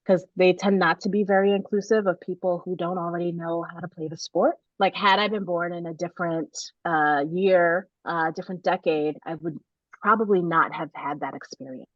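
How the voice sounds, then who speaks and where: A middle-aged woman tells a story in a casual interview, her voice sitting fairly low. She is animated, laughs often and restarts her sentences. The recording is dry and slightly dull. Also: moderate pace, dry recording. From United States. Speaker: author guest.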